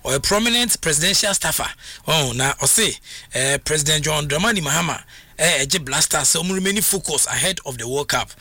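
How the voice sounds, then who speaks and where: A man's voice: on the high side, lively intonation, a little fast, sharp tone, no echo. A man with a Ghanaian accent hosting a radio sports news segment, talking casually with lots of fillers and restarts. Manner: hesitant, many fillers and restarts. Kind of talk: radio sports news chat mixing Twi and English.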